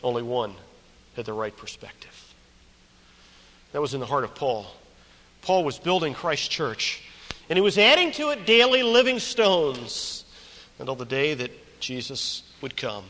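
A man's voice: medium pitch, very animated, a little slow, pauses often, bright, forceful tone. A man preaching a sermon, emphatic and repeating key phrases, telling stories with quoted characters. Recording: long hall reverb.

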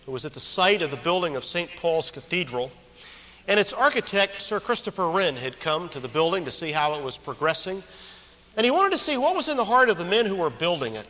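A man's voice: sits high, sing-song, fairly quick, bright, forceful tone. A man preaching a sermon, emphatic and repeating key phrases, telling stories with quoted characters. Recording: long hall reverb.

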